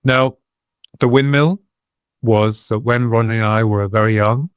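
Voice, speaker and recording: A man with a fairly low voice tells a long personal story in a reflective, wandering way. He often pauses and restarts his sentences as he goes. The sound is dry and close. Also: fairly even intonation, clear, resonant tone, dry recording. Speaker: guest, medium and UFO researcher. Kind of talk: casual podcast interview storytelling.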